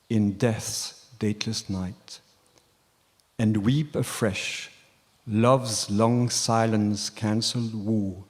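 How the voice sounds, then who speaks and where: A man at a retreat, talking hesitantly with a few chuckles and reading verse aloud haltingly. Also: medium pitch, a little mellow, in a large hall. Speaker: retreat participant. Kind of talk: casual conversation and poetry reading.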